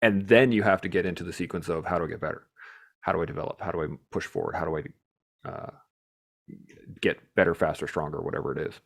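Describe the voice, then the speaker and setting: A man hosting a podcast, telling stories in a casual, animated way, swearing freely and laughing as he talks. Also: low voice, fast talker, vocal fry. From Canada. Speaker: podcast host. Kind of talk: casual storytelling chat.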